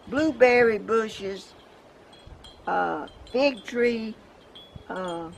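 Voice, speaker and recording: Speaking extremely slowly in a fairly high voice with vocal fry, an older vlogger from Georgia chats in her yard with a Southern American accent. Her talk is rambling and folksy, dotted with chuckles, over wind chimes and outdoor sounds.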